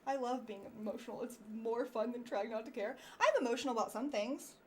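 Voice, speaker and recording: A woman livestreaming political commentary, reading chat aloud in a sarcastic, animated way and swearing freely. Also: on the high side, fairly quick, slight background noise.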